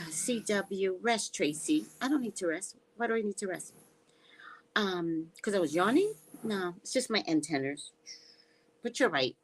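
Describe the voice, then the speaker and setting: A woman's voice: mid-range voice, animated, unhurried, slight background noise, poor audio. A woman psychic reader hosting a casual livestream, chatting in a rambling way and reading out viewer comments.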